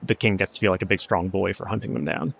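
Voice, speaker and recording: A man's voice: low-pitched, fast, gravelly, fairly bright tone, slightly rough. A man narrating a tabletop game as game master, loose and rambling.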